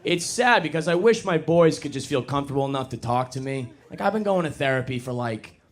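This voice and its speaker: A young man doing a stand-up comedy set on a club stage, self-mocking and animated, jumping into loud put-on voices. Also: medium pitch, fairly quick, noisy background.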